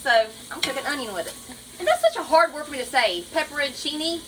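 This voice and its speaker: In this low-quality recording with a faint hiss or hum, a home cook with a Southern US accent chats to viewers while cooking in her kitchen. Her high-pitched voice swoops wildly, moving fast and sounding pushed and bright. She keeps the vlog narration chatty and folksy, addressing everyone as y'all.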